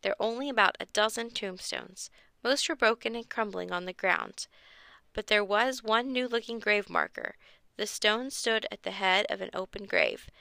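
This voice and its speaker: A woman's voice: medium pitch, very animated, normal speed, creaky, sharp tone, no room sound. A woman reading a children's chapter book aloud with expression, raising her voice for the kids' lines. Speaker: storyteller.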